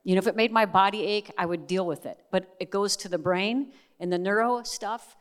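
A woman's voice: medium pitch, brisk. Candid middle-aged woman preaching in reverb. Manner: candid, chatty storytelling with asides. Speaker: Christian speaker and author. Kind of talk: testimony sermon to a live audience.

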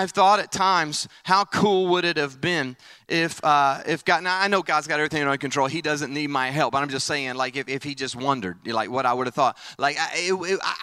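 High, bright-voiced energetic preacher man. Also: clean tone, no echo. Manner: animated, playful, then hushed and earnest. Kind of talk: energetic sermon. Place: camp meeting.

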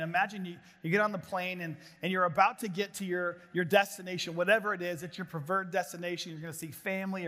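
A middle-aged man preaching a sermon to a gathering of pastors, telling animated stories with jokes. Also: sits high. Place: large hall before an audience of pastors. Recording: long hall reverb.

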